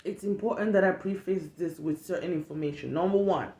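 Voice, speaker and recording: A young woman from West Africa telling a casual storytime rant as a vlogger, animated and profane, acting out what people said. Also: on the low side, brisk, roomy sound. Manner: animated, profane, emphatic, acts out quotes.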